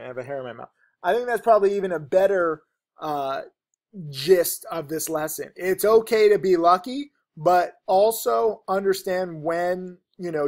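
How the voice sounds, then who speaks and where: A man giving a casual, unscripted trading lesson, talking rapidly and rambling, with lots of fillers and restarts. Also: a little high, creaky. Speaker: stock trading teacher.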